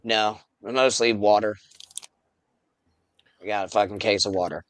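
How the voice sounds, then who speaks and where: A man's voice: fairly low pitch, fairly even intonation, a little slow, slight background noise. A man chatting casually and laid-back on a podcast, swearing often. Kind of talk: casual chat.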